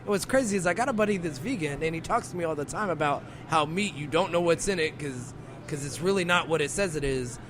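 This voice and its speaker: A man co-hosting a radio show, ranting in an animated, exasperated way and laughing between complaints. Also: on the high side, fast talker, background noise. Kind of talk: casual comedic rant.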